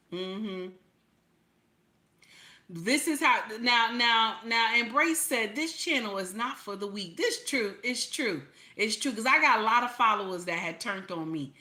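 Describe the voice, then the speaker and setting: A woman with a bright, ringing voice talks back at the clips she plays. She curses freely and hammers each point by saying it twice or three times, in the loose flow of casual commentary. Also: medium pitch. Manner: blunt, cursing, repeats herself for emphasis. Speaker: reaction channel host. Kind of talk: profane commentary over clips.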